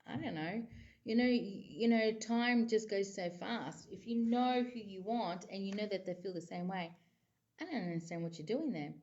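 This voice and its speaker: A rambling, chatty woman gives a casual psychic tarot reading to camera, her speech full of filler phrases. Her pitch sits in a middling range. The audio is dull and muffled, like a lo-fi recording. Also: normal speed, a little mellow.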